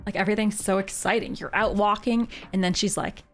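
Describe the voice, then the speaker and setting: A woman's voice: medium pitch, fairly even intonation, a little fast, faint music behind. A woman streamer from Canada chatting casually with her live viewers. She talks in a chatty, giggly way and says "like" often. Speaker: game streamer.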